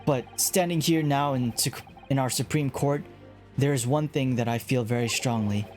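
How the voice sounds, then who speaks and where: A man's voice: medium pitch, normal speed, darkish tone, soft background music, lightly acted. A man voicing a nervous but determined young male law student giving an earnest speech.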